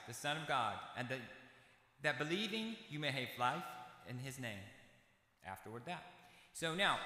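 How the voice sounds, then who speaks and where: Bright-voiced American preacher in echoey church. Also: male voice, a little high. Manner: conversational, folksy asides between readings. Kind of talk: sermon with scripture reading. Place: church sanctuary.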